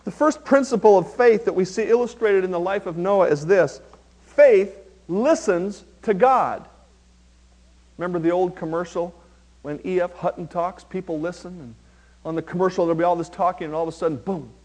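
Man, pastor, sermon, high-pitched, slow emphatic scripture reading, conversational asides. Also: fairly even intonation, darkish tone. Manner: reads scripture slowly and emphatically, then speaks conversationally to the congregation.

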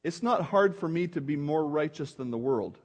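A man's voice: fairly high pitch, expressive, moderate pace. A middle-aged male pastor preaching a sermon in an earnest, emphatic way, often restarting his phrases.

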